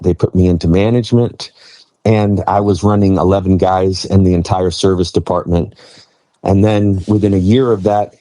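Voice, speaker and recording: Deep-voiced pastor telling his story. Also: warm tone, dry recording. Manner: earnest, conversational storytelling. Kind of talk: personal testimony in an interview.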